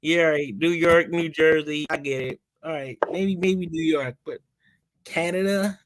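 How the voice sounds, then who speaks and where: A man's voice: a little high, a little slow, no echo. A man from Philadelphia with a Philly accent tinged with Southern, telling stories with lots of swearing on a casual podcast. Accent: Philadelphia with some Southern. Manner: animated storytelling, swears freely. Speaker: podcast host. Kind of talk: casual chat.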